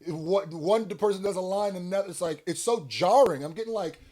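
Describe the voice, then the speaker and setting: Male reaction host, slightly high-voiced, animated, slangy, laughs a lot. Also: a little fast. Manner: animated, laughs often, blunt slangy remarks. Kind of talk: casual reaction commentary.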